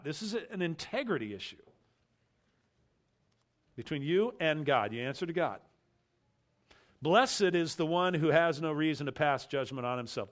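A man's voice: on the high side, a bit bright. Emphatic preacher, a man. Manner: emphatic, repeats key phrases, slows for stress. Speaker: pastor. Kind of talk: expository sermon.

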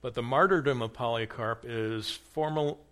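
A man's voice: mid-range voice, normal speed, fairly bright tone. A man teaching church history in a conversational lecture, asking the class questions and acting out quoted lines. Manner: conversational, acts out quoted dialogue with rising emphasis.

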